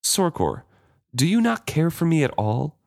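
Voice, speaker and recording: A man's voice: fairly high pitch, huge pitch swings, measured pace, gravelly, no echo, clean studio sound, voice pushed up, full character voice. A man reading as a scheming wounded sea captain. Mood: pleading. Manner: read aloud quietly from a book. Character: manipulative injured male ship captain.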